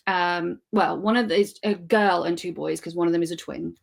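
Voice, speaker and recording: A woman's voice: fairly low pitch, steady tone, normal speed, gravelly. A woman in her thirties chatting casually and enthusiastically about books she has read, often correcting herself mid-sentence. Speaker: podcast co-host. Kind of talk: casual book chat.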